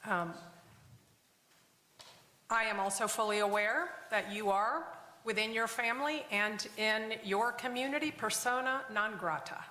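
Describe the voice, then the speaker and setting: A woman judge delivering a formal sentencing in a courtroom, speaking in a measured way. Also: fairly high pitch, pushed and bright. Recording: echoey courtroom audio.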